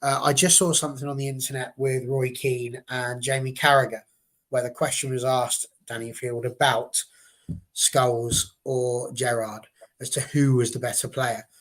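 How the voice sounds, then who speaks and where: A man's voice: medium pitch, little pitch movement, normal speed, fairly bright tone. A man from England hosting a casual football fan chat, leading the questions in a chatty way. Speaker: podcast host.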